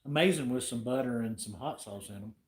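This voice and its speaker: A man's voice: mid-range voice, brisk. A man with an Appalachian accent co-hosting a livestream, agreeing and throwing in jokes in a casual chat. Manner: joking, agreeable sidekick. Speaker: livestream co-host. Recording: roomy echo with faint noise.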